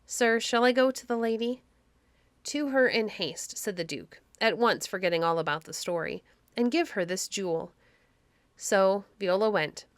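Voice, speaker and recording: A woman reading a classic story aloud for children in a gentle, measured storytelling voice, close to the microphone. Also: medium pitch, dry recording.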